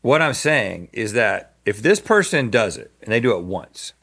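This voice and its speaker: A middle-aged man in casual conversation who talks earnestly and at length. His pitch moves a lot, rising and falling as he makes his point. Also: very animated, moderate pace, a bit bright, breathy edge. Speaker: podcast co-host. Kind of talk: casual chat.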